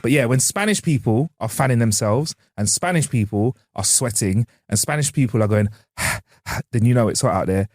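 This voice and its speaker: A man's voice: mid-range voice, expressive, moderate pace, darkish tone, no room sound, studio quality. A man co-hosting a podcast, telling stories in a laid-back, slangy way. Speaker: podcast co-host. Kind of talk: casual chat.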